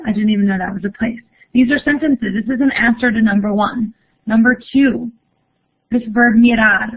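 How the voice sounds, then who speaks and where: Upbeat young woman, higher voice, teaching a live online class over a thin phone-like line. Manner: upbeat, encouraging, reads chat aloud. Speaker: Spanish teacher. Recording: phone-like narrow audio.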